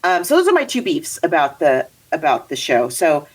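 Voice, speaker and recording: A woman's voice: low-pitched, big pitch swings, normal speed, husky, rough recording. A woman co-hosting a casual movie review chat, rambling and laughing as she talks. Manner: chatty, rambling, laughs often. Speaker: podcast co-host.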